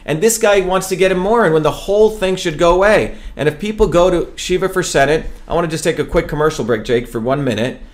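A man from India running for office, speaking emphatically to camera and often stumbling on and repeating his words. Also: on the high side. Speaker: political candidate hosting a web show. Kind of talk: campaign talk to camera.

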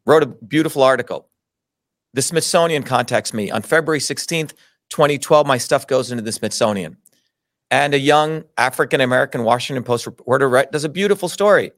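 A man's voice: mid-range voice, fairly quick, fairly bright tone, no echo, clean studio sound. A middle-aged man telling his own story in an interview, indignant, emphatic and full of swearing. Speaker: interview guest. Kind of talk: heated personal storytelling.

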